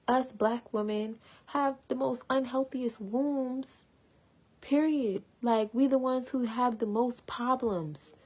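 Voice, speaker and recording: A woman's voice: fairly high pitch, a little mellow, husky. A young woman talking passionately and earnestly to her viewers in casual slang. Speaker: vlogger. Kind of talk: emotional personal talk to camera.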